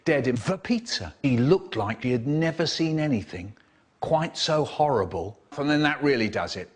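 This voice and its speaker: A man telling a story with animated, theatrical delivery, acting out quoted characters with sudden high squeals and hushed drops, cut into a comedy remix.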